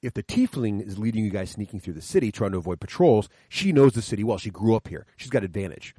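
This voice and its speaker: A man's voice: on the low side, lively intonation, quick pace, dark tone, dry recording, studio quality. A middle-aged man, a podcast guest, telling stories from his kids' tabletop games with enthusiasm, explaining the rules step by step. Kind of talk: animated storytelling chat. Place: coffee shop, sit-down chat.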